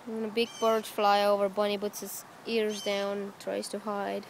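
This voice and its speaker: A woman's voice: mid-range voice, monotone, a little slow, slight background noise. A woman filming her pets outdoors in a back yard on a phone, talking to them in coaxing baby talk with short, sing-song questions. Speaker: pet owner filming her dog and rabbit. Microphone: phone camera held while filming.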